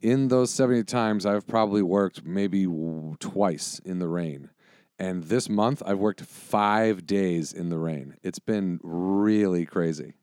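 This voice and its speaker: A man with a fairly low voice tells rambling stories in casual chat, swearing freely and restarting his sentences. The sound is dry and close. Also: slow, a little mellow, smooth, dry recording. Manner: rambling, profane storytelling with restarts.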